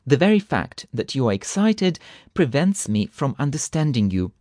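A man voicing a drowsy, solemn chemist who speaks in a measured, dignified way. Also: mid-range voice, very animated, a little mellow, no room sound, studio quality, natural voice. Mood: grave.

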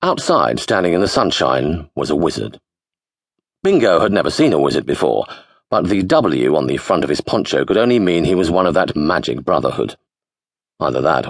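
A man with a low, husky voice reads a comic story aloud in a close, dry studio recording. His delivery rises and falls in a lively way. He drops deadpan asides along the way. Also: no echo. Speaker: audiobook narrator. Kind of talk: scripted comic narration. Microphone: close studio mic.

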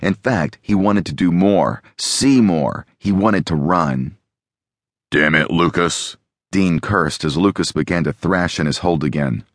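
A man reading a novel aloud as an audiobook narrator, in a steady, even storytelling manner. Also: low voice, measured pace, few pauses, no echo, clean studio sound.

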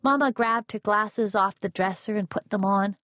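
A woman narrating a first-person novel as an audiobook, in a measured, unhurried reading. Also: medium pitch, fairly bright tone, no echo, studio quality.

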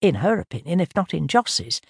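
An older woman reading a mystery novel aloud in a measured narrating manner. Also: lowish voice, sing-song, vocal fry, breathy edge, no echo. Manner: measured, gives characters lightly raised voices. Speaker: audiobook narrator. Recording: dry close studio audio.

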